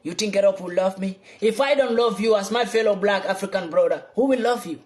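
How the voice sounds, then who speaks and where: A young man giving an impassioned political monologue, fervent and repetitive, swinging between loud outbursts and low muttering. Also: brisk. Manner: repeats lines for emphasis. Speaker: political vlogger.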